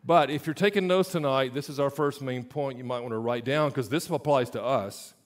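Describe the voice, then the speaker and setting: A man preaching a sermon as pastor, stressing key phrases and slowing down on them. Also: mid-range voice.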